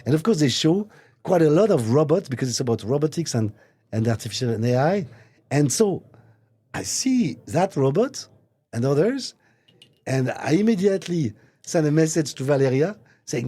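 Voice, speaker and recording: In a recording studio, a man who's a guest and watch brand executive talks in a casual interview. His husky, mellow voice runs a little high, and he's very animated while halting, hesitating and repeating himself.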